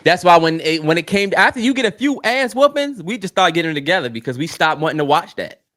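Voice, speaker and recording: A man co-hosting a podcast in casual chat, animated and heartfelt, swearing freely and getting teary. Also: a little high, fast. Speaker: podcast co-host.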